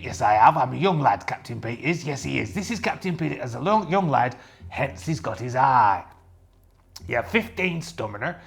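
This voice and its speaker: A man's voice: mid-range voice, creaky, a bit bright, heavily acted. A man playing a young, boastful pirate captain who rambles as he runs a solo tabletop game and answers his own questions. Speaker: host and solo game player.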